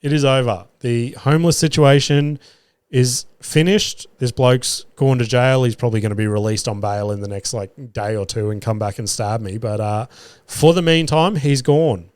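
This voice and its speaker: A man's voice: mid-range voice, moderate pace, a little mellow, clear, resonant tone, no echo. An Australian man hosting a podcast, telling stories in a casual monologue, swearing freely and acting out what he said. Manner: swears freely, acts out his own quoted lines. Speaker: podcast host and stand-up comedian.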